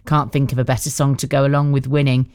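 A woman's voice: very deep voice, level tone, quick pace, darkish tone, clear, resonant tone, no echo, studio quality. A woman presenting a radio show in casual chat, reading out listener messages and laughing easily.

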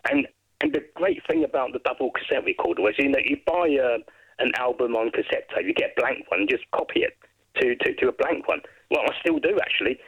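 A man from Brighton, England, a guest chatting casually and rambling through his memories. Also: medium pitch, slightly rough, no echo, dull audio. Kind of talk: casual chat.

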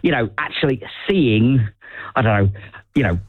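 A man with a Birmingham accent, speaking at a middling pitch in casual conversation. He talks hesitantly and restarts often as he gathers his thoughts. The recording is close and dry. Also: animated, moderate pace, no room sound, phone-quality sound. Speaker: conversation partner. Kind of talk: casual chat.

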